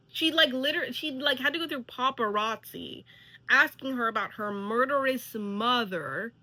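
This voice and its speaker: A young woman vlogger casually reacting to a TV show, animated, exclaiming and laughing often. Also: on the high side, a little slow, rough recording.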